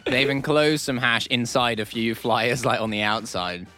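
A man's voice: medium pitch, fairly even intonation, moderate pace, pushed and bright, soft background music. An English man co-hosting a radio comedy show, chatting in a wry, rambling, self-mocking way. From England. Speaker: radio co-host. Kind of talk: casual studio banter.

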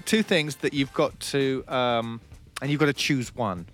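A man's voice: mid-range voice, unhurried, fairly bright tone, faint music behind. A man hosting a comedy radio show, telling a rambling story and teasing his guest. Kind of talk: casual comedy radio banter.

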